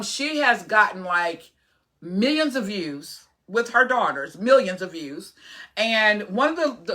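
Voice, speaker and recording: A woman's voice: mid-range voice, sharp tone. A woman in her forties talking casually to her followers, chatty and earnest, rambling with many fillers and restarts. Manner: earnest, opinionated. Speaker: vlogger. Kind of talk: casual vlog talk to camera.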